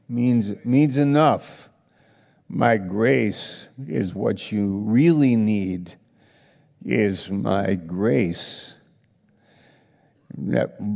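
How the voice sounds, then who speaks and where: A man preaching a sermon at an unhurried pace, his voice gravelly and rough at the edges. He often stops and restarts his sentences. A long reverb trails his words through the hall. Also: lowish voice, mellow. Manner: slow, halting delivery with many restarts.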